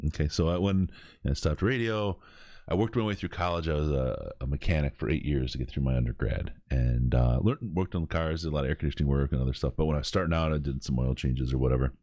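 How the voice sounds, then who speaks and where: A man hosting a podcast, telling stories in an animated way and laughing as he goes. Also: a bass voice, fast, no room sound. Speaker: podcast host. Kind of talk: casual storytelling.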